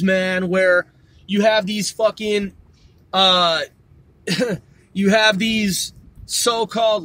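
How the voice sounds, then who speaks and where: A man's voice: high-pitched, bright, forceful tone, dry recording. A man delivering a heated, profane rant to camera, emphatic and full of swearing. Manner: heated, emphatic, swearing constantly, calls people "man" and "dude". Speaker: vlogger. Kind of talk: profane ranting monologue.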